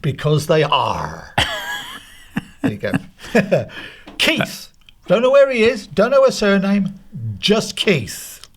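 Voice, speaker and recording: A man's voice: sits high, wildly swooping pitch, unhurried, a little hiss or hum. A man co-hosting a podcast, presenting in a playful, joking way. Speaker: podcast co-host. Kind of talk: casual chat and presenting.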